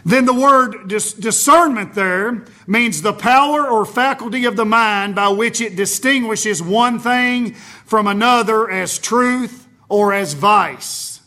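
A man preaching an impassioned sermon, swinging between loud emphasis and low, intense passages. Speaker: Baptist preacher.

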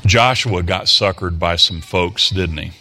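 With a deep, bright and forceful voice, a preacher delivers his sermon unhurriedly, shifting from scripture reading to plain explanation. He keeps it folksy and conversational, using rhetorical tag questions to engage his hearers. Slight background noise is audible.

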